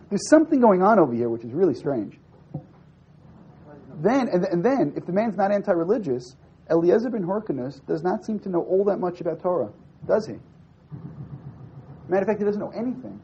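A man's voice: sits high, fairly quick, long pauses, a little hiss or hum. A man teaching a classroom text study, reading a source aloud, translating it line by line and firing questions at his students. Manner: questions the class, lively and probing. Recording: dull lo-fi classroom recording.

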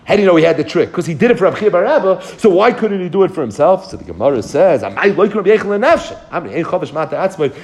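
A man teaching a Talmud lesson, reading Aramaic phrases and explaining them in English, retelling the dialogue with lively swings of voice. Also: high-pitched, rapid-fire, few pauses. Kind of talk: daf yomi lecture.

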